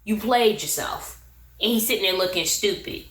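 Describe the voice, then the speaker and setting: A woman's voice: medium pitch, normal speed, a bit bright, echoey room. A woman casually recapping a reality TV episode, opinionated and slangy, often breaking into laughter. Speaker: recap and review vlogger.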